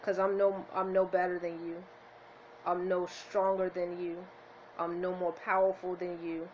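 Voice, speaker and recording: A woman's voice: lowish voice, level tone, a little slow, highs cut off, slight background noise. A woman vlogging to her viewers with the camera in her hand, earnest and heartfelt, close to tears with happiness. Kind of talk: emotional motivational vlog. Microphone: handheld camera.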